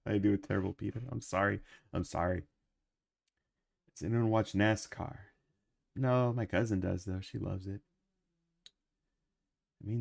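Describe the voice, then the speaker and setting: A man's voice: low voice, fairly even intonation, unhurried, creaky, pauses often, darkish tone, dry recording, clean studio sound. A man who is sick with a cough, chatting casually while he livestreams his animation work and rambling with lots of ums and uhs.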